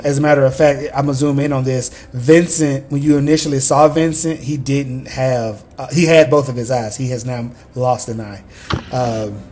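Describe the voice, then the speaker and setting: A man's voice: mid-range voice, darkish tone, slight background noise. A man running a tabletop game as game master, narrating in a rambling way full of fillers.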